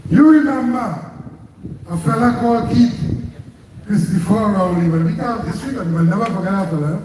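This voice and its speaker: Fiery Trinidadian union leader at a rally. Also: male voice, sits high, moderate pace, background noise. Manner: fiery, rhetorical, repeating slogans. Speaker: trade union president. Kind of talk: May Day rally speech. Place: outdoor street rally. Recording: echoey PA from far off with crowd.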